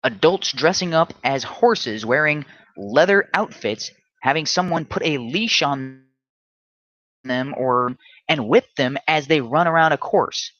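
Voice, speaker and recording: A man's voice: on the high side, animated, a little slow, a bit bright, no echo, lo-fi sound. A man hosting a solo livestream, ranting combatively and often stumbling into restarts. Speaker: livestream host.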